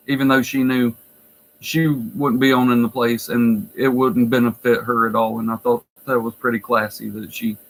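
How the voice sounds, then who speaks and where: A man's voice: medium pitch, low-quality recording. A man who works in a nursing home, telling stories in a blunt, profane, wry way. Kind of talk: casual storytelling vlog.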